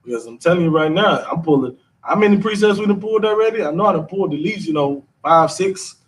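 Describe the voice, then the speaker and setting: A man's voice: sits high, animated, quick pace, distant mic. A man, teaching a scripture class in a casual, repetitive, slangy way. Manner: conversational, repeats himself, drawling slang.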